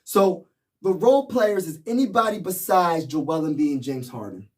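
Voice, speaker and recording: A man's voice: fairly high pitch, expressive, moderate pace, darkish tone, recorded from a distance. Hyped fan man, a bit off-mic. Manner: repetitive, rallying, slangy. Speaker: sports fan vlogger.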